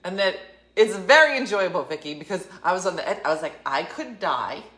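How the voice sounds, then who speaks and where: A woman in her fifties telling a comic story, animated and self-mocking. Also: lowish voice, brisk, roomy sound. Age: 50s. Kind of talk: comedic storytelling.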